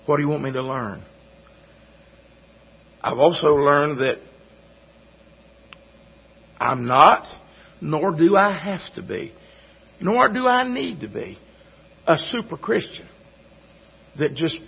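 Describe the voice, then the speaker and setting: A man giving a sermon testimony in a halting, folksy way, often repeating his words. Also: on the high side, lively intonation, creaky, husky. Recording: dull lo-fi recording.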